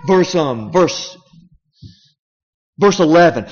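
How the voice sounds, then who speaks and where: A man's voice: a little high, animated, moderate pace, long pauses, darkish tone. Male preacher in a echoing hall. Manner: emphatic, conversational preaching with rhetorical questions. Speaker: pastor. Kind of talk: sermon. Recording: dull sound in a reverberant hall.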